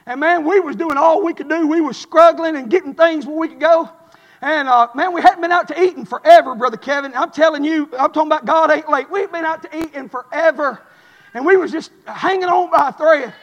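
A pastor preaching a fiery sermon in a church, swinging from hushed and intimate to loud shouting. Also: male voice, extremely high pitch, brisk, highs cut off. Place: church sanctuary. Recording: long hall reverb.

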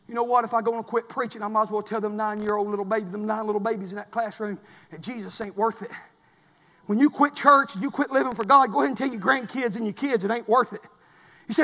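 Male pastor, fiery shouted sermon, pleading, very high voice, reverberant hall. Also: quick pace. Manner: shouting, pleading, calling for amens. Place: church sanctuary.

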